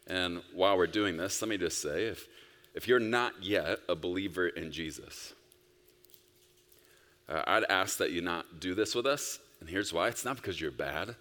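A male pastor preaching a sermon, emphatic, swinging between loud bursts and soft, quiet stretches. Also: low voice, normal speed. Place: church sanctuary. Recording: long reverb of a large hall.

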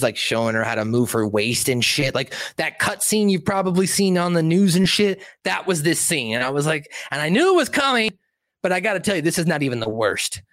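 A man's voice: on the high side, a bit bright, no room sound. A young man reviewing a movie on a casual livestream, rambling and swearing, with many fillers.

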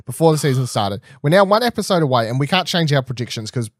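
Aussie bloke rambling on a podcast, swears a lot, trips over words, dead dry sound. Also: male voice, mid-range voice, fast, no echo. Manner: rambling, animated, swears freely, frequent restarts. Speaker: podcast co-host. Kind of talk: casual chat, TV episode predictions.

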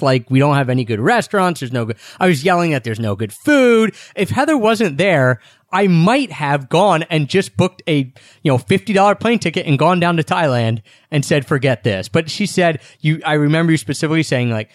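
A man's voice: fairly high pitch, expressive, fairly quick, no room sound, studio quality. A young man co-hosting a casual travel chat, talking in a rambling, self-deprecating way. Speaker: travel podcast co-host.

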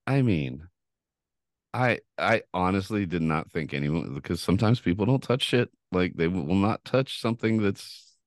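Deep-voiced profane male podcast host. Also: expressive, normal speed, no room sound, studio quality. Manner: profane, laughing storyteller. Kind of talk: casual crude podcast chat.

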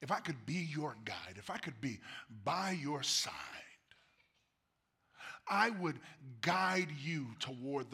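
A pastor, preaching a sermon, swinging from soft murmurs to loud emphatic bursts. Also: male voice, a little high, creaky, slightly rough. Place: church sanctuary.

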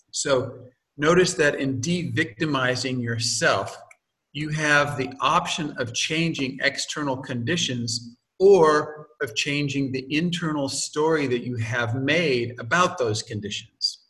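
Man, author reading own book aloud, digressive asides, mid pitch, distant mic. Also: unhurried, a bit bright. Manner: digressive, stops to explain with homely examples and jokes.

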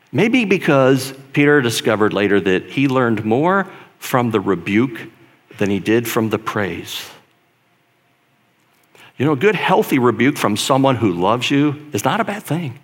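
A man preaching a sermon in a conversational, emphatic way, dropping to a hush and then building to loud stress. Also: medium pitch, sing-song, measured pace. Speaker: pastor.

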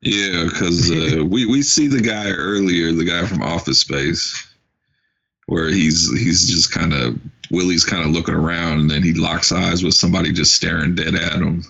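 A deep, husky man with a gravelly voice. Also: moderate pace, a bit bright. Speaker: podcast co-host. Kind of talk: casual movie recap chat. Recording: dull lo-fi recording.

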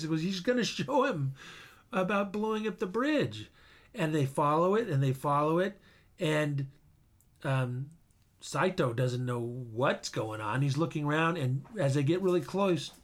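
A man co-hosting a podcast, retelling a film's plot in a casual, halting way. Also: a little high. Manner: retells a film plot with many hesitations. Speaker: podcast co-host. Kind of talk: casual chat.

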